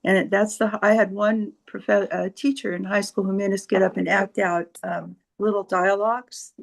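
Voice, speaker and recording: Gravelly hesitant tutor woman on a video call. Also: medium pitch, flat delivery, normal speed, low-quality recording. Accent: Californian. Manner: hesitant, many fillers and restarts. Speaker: volunteer literacy tutor. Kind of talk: casual group discussion.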